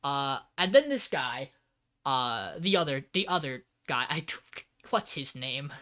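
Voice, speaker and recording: A man's voice: mid-range voice, a little slow. A man co-hosting a podcast, recapping an anime episode in casual chat and acting out the characters' lines as he goes. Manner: animated, acts out character lines while recapping. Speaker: podcast co-host.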